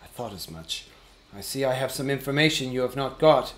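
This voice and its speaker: A man doing a squeaky, fussy hobbit. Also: expressive, a little fast, natural voice. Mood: businesslike. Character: fussy polite male hobbit, small and businesslike. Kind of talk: audiobook character reading.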